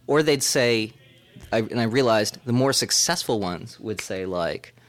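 A man from Boston, a radio reporter, telling a long anecdote in a casual, lively way and acting out other people's lines in a higher voice. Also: unhurried. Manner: animated, acts out quoted voices in falsetto. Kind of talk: storytelling anecdote.

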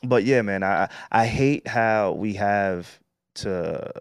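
A man around thirty speaks with a lowish, even voice in casual podcast talk. He builds his points carefully and often checks that the listener follows. The recording is dry and close. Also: clear, resonant tone, no room sound. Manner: measured, asks "you get what I'm saying?". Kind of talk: casual chat.

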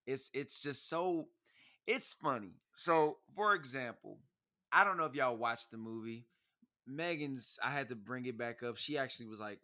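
A young man co-hosting a casual chat, slangy and animated, acting out quotes as he tells stories. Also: medium pitch, moderate pace. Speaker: podcast co-host.

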